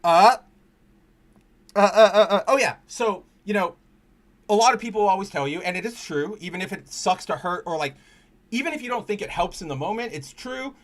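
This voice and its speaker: High-voiced man rambling about comics. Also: animated, moderate pace. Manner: rambling, restarts often, swears freely; earnest and candid when personal. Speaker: podcast host. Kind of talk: casual comic book chat stream.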